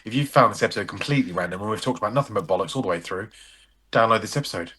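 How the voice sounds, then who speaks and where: A man's voice: lowish voice, racing, sharp tone, slightly rough. A man co-hosting a podcast in sweary, jokey casual banter. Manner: sweary, jokey, tries out accents. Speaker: podcast co-host.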